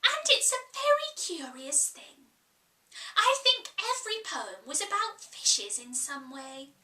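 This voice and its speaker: A woman reads as a polite, eager young girl, her high voice bright and lively. The voice is in an echoey room, a little away from the mic. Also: slow, distant mic, exaggerated voice.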